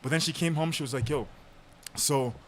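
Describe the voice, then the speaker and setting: A man's voice: fairly high pitch, fairly quick, slight background noise. Laid-back young man telling a story. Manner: laid-back, laughs often, lots of fillers. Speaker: podcast host. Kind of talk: casual storytelling chat.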